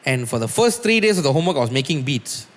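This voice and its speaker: A man, a guest musician, tells stories on a casual podcast in an animated way, swearing and using a lot of "like". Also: mid-range voice, fast, long reverb tail.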